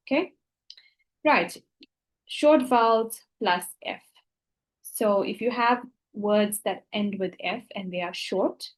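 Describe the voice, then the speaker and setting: A woman's voice: mid-range voice, low-quality recording. A woman teacher patiently explaining grammar rules, stopping often to check that the students are following. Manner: patient, repeats "okay?" to check understanding.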